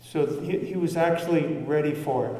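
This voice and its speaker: A man's voice: a little high, normal speed, mellow. A man preaching a conversational sermon as pastor, asking the congregation rhetorical questions. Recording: echoey hall from far off.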